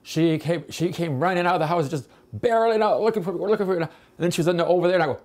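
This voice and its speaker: A man's voice: high-pitched, racing, a little mellow. A man hosting a home cooking show, talking in a rambling, chatty way full of asides.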